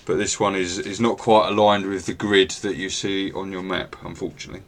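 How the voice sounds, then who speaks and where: A man running a tabletop role-playing game as game master over a video call, describing scenes in a relaxed, self-deprecating way with filler pauses. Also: sits low.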